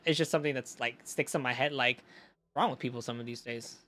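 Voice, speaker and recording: A young man streaming in a casual chat, telling stories in an animated way, swearing freely and talking to his chat. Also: mid-range voice, fast.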